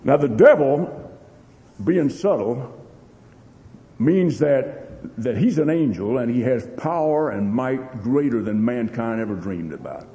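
Animated preacher in an echoing hall. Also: male voice, medium pitch, slow. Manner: storytelling, repeats words, rising and falling emphasis. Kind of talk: sermon. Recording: long hall reverb.

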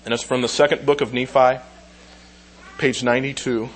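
An earnest man speaks from the pulpit, reading old scripture and sharing personal stories. His voice sits at an ordinary middle pitch, and his delivery is halting and heartfelt, full of small restarts. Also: level tone, slight background noise, low-quality recording. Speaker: lay speaker giving a church talk.

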